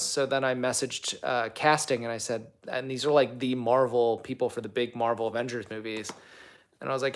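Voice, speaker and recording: A man's voice: mid-range voice, steady tone, a little fast, fairly bright tone. A young man hosting a casual livestream, answering viewer comments in a rambling, chatty way full of fillers. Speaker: livestream host and actor.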